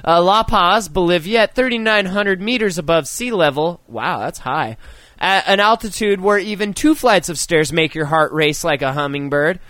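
A man co-hosting a podcast, chatting and reading an article aloud, animated and joking, with frequent swearing. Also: high voice, moderate pace, dry recording. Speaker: podcast co-host.

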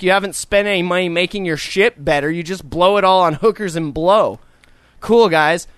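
High-voiced man ranting angrily. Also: a bit bright, no echo. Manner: profane, exasperated ranting. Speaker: podcast host. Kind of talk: casual ranting podcast chat.

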